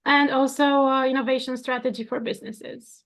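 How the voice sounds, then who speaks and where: A woman's voice: high-pitched, level tone, moderate pace. A woman in her thirties from Romania, talking earnestly about her work as a coach, now and then laughing lightly. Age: 30s. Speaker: coaching guest, architect and coach. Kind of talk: casual conversation.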